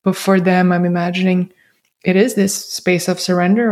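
A woman speaks in a calm, reflective podcast conversation. Her voice is low, mellow and quite level in tone. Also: moderate pace.

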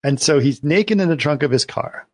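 A man's voice: fairly high pitch, animated, moderate pace, dry recording. Guy hosting a podcast, rambling recap, dry close sound. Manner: rambling storyteller, many restarts. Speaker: podcast host. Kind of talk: casual watch-party chat.

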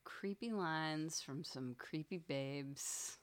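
A woman co-hosting a casual podcast with another mom, joking about herself in an animated way. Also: low voice, extremely slow. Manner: animated, jokey, self-deprecating. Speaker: podcast co-host, mother. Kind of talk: casual chat.

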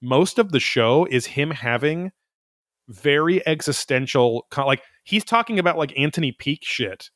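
A man's voice: a little high, lively intonation, a little slow, a bit bright, dry recording, clean studio sound. A man hosting a podcast, recapping an episode in a rambling, profane, wry casual chat. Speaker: podcast host.

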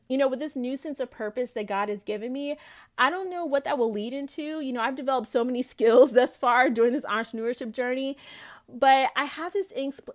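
Earnest woman podcast host, higher voice. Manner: earnest, heartfelt, quoting scripture. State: tearful at times. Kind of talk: personal faith testimony podcast.

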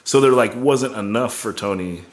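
A man's voice: fairly low pitch, moderate pace. A young man casually telling a rambling, profane tour story, full of "like" and laughs. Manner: rambling, heavy on "like", swearing, laughing.

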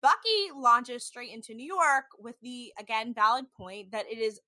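A woman's voice: a little high, moderate pace, bright, forceful tone, no room sound. A woman hosting a casual podcast, recapping a reality show in a chatty way with lots of "like". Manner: chatty, heavy use of "like", mimics people in quotes. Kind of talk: casual chat.

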